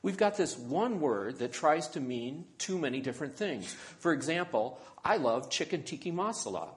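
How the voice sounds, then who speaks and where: A patient, gentle dad, as a man reads him, speaking softly and evenly. His voice rises a little as he explains, kind and unhurried. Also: on the high side, pitched above the performer's own voice. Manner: calm, soft, explaining. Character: patient gentle father talking to his daughter.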